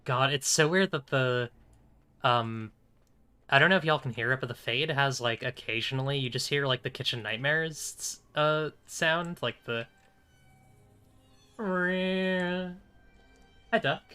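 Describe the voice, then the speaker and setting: Casting: young man, live game streamer, crisp bright voice, casual joking banter, faint music behind. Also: medium pitch, normal speed. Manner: casual, joking, laughs often, swears. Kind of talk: live gaming commentary.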